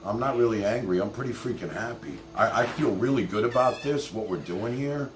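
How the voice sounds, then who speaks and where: A man's voice: lowish voice, fairly quick, reverberant, music in the background. A man hosting a casual livestream, talking animatedly straight to his chat. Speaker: livestream host.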